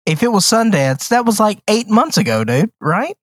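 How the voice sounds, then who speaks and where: Lively, joking male podcast host. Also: sits high, moderate pace, dry recording. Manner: animated, joking, retells plots with acted-out quotes. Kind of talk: casual movie review chat.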